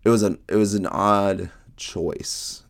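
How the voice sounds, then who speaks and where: A man co-hosting a podcast, talking through a book in casual chat and rambling through retold scenes with quick quotes from the characters. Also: fairly low pitch, fairly even intonation, vocal fry. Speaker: podcast co-host.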